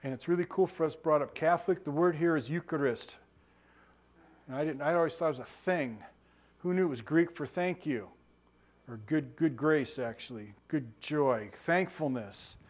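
A middle-aged pastor with a slightly high voice, speaking a little fast, leads a bible study. He keeps it conversational and jokey, posing questions to his group.

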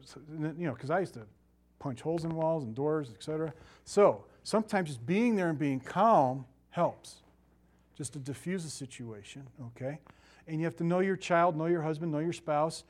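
A middle-aged man preaches in a loose, conversational way, breaking into asides and laughing at his own stories. His voice sits a little higher than most men's, and he swings between loud bursts and quiet, confiding lines. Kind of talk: sermon.

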